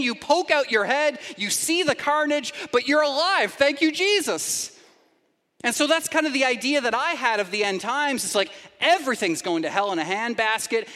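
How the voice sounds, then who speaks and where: A male pastor preaching a sermon, swinging from hushed emphasis to lively, urgent delivery. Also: high-pitched, big-room sound. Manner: dynamic preaching, drops to quiet emphasis then rises.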